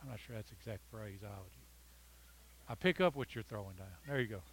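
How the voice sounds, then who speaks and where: A man preaching a sermon, reading scripture with dramatic emphasis and joking with his congregation. He swings between loud, pleading lines and soft, intimate ones. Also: fairly low pitch, a little fast, low-quality recording. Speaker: pastor.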